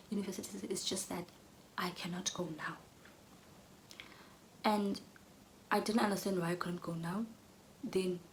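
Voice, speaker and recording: A young woman telling an earnest personal story, often dropping to a soft whisper. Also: mid-range voice, slight background noise, poor audio. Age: young adult. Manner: earnest, drops to soft whispers when emotional.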